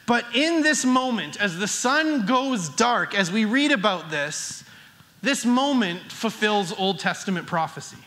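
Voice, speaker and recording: High, bright-voiced male preacher. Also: very animated, measured pace. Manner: earnest, builds emphasis with restarts. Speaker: pastor. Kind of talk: sermon.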